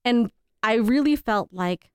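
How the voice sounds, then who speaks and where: A woman's voice: a little high, lively intonation, measured pace, darkish tone, clean tone, no echo, clean studio sound. A woman in her thirties, co-hosting a podcast and telling a family story in a candid, casual way, laughing now and then. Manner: candid, laughs between stories, quotes people in changed voices. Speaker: podcast co-host.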